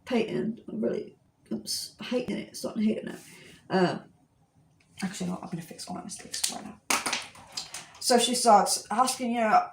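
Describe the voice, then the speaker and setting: A woman's voice: mid-range voice, normal speed, vocal fry, pauses often, roomy sound, noisy background. A woman in her twenties chatting casually while she draws, telling a rambling story full of fillers. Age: 20s. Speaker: art streamer. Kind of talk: casual chat while drawing.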